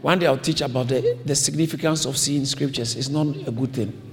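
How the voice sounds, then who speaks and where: A man's voice: mid-range voice, brisk. A man preaching a sermon, emphatic and repetitive, calling on the congregation to repeat his lines. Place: church hall. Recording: long reverb of a large hall.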